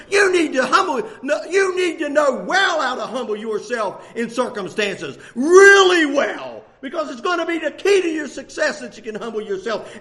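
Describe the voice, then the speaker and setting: Male preacher, very high voice, lively swoops, shouting and laughing through the sermon. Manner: impassioned, often shouting, with laughs.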